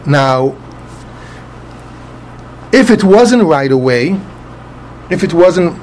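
A man's voice: on the high side, lively intonation, drawn-out words, a little mellow, slight background noise. A man teaching a Talmud passage, methodically spelling out letters and often repeating words as he explains. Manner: spells out Hebrew letters and vowels with Ashkenazi pronunciation.

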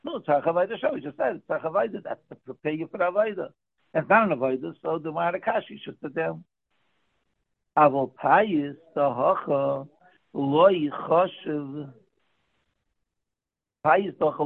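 A man with a raised, gravelly voice and a husky, raspy edge leads a daily Talmud class. He works through the text by asking questions aloud and then answering them. The sound comes through a thin, tinny phone-like line. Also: fairly high pitch, moderate pace, pauses often. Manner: explains by asking and answering his own questions. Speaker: Talmud teacher.

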